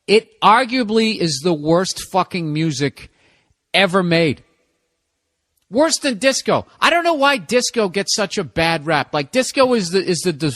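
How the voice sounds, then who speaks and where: A man's voice: a little high, fairly bright tone. A man in his forties from the United States, hosting a solo comedy podcast and ranting in a rambling, profane way. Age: 40s. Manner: talks back to himself and his dog. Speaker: podcast host.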